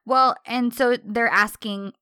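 A woman's voice: fairly high pitch, clear, resonant tone, no echo. Woman, casual chat, co-host, agreeable, dry close sound. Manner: relaxed, agreeable, jumps in with quick affirmations. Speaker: podcast co-host.

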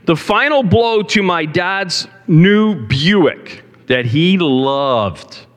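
A man's voice: sits high, animated, very slow. A male pastor preaching a sermon in a church, talking conversationally and asking the congregation questions. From Canada. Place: church sanctuary. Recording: long hall reverb.

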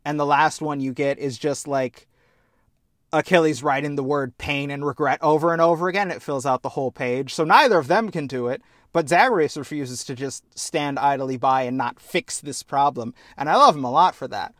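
A man talking through a video game on a podcast with heartfelt, animated earnestness. His voice sits a little high for a man. The sound is dry and close, with no room echo. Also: normal speed. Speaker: podcast co-host. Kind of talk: casual chat about a video game.

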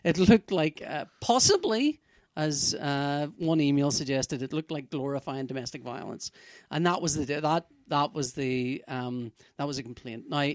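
A man's voice: on the high side, a little mellow, dry recording. A man co-hosting a casual chat, telling stories in a rambling, self-deprecating way. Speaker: podcast co-host, comic artist.

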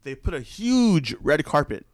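A man with a somewhat high voice tells a long story in relaxed chat. He circles back with "um" and "right?" as he goes. He turns loud and lively when he mimics someone shouting. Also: unhurried, dry recording. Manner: rambling, many fillers and "right?" check-ins; gets loud and animated when retelling shouted lines. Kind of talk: casual chat.

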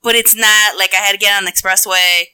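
A woman with a very bright, crisp, clean voice, ranting her way through an everyday story in a loose, profane, animated style. She talks casually, like a co-host chatting on a podcast. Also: medium pitch, quick pace.

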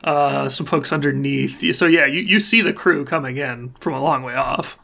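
A game master narrating a tabletop game in a relaxed, rambling way with many fillers. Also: mid-range voice, moderate pace, creaky.

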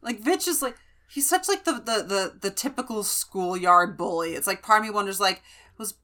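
A woman's voice: mid-range voice, moderate pace, pushed and bright. A woman co-hosting a podcast, giving chatty opinions on a book, with lots of "like" and restarts. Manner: chatty, many fillers, reacts with opinions. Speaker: podcast co-host. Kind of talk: casual book podcast chat.

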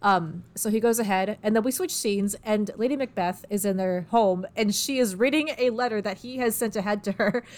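A young woman hosts a casual podcast, talking at a medium pitch. She retells a story loosely and irreverently, giggling often and tossing in quick character voices along the way.

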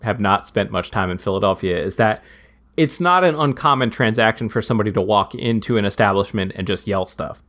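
A man's voice: lowish voice, brisk, fairly bright tone. A man co-hosting a casual podcast who chimes in with wry, easygoing comments. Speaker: podcast co-host. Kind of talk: casual chat.

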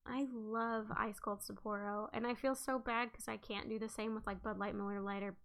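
A woman in her thirties, co-hosting a podcast in casual chat, loud and laughing and swearing freely. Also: medium pitch, fairly even intonation, normal speed, vocal fry. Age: 30s. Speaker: podcast co-host.

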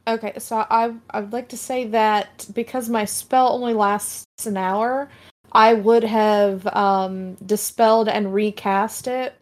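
A woman playing a tabletop role-playing game, quick and joking as she talks rules with the game master. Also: medium pitch, fairly even intonation. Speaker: player.

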